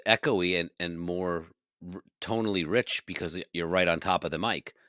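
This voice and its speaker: A man's voice: sits low, steady tone, moderate pace, fairly bright tone, dry recording, clean studio sound. A man co-hosting a casual music podcast, upbeat and encouraging, speaking into a handheld vocal mic. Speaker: podcast co-host. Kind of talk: casual chat. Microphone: handheld dynamic vocal mic.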